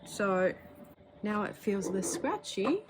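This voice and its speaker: A woman pen vlogger chats casually and candidly while displaying her pens, using filler words and giving small laughs. Her medium-pitched voice is sing-song and slow. There's a little hiss or hum in the background.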